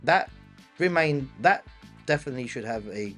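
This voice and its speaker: A man's voice: mid-range voice, animated, moderate pace, a bit bright. Chatty Gibraltarian man, faint music behind. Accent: Gibraltarian English. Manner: chatty, reads viewer questions and answers them off the cuff. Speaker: travel channel host. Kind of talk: live-stream Q&A.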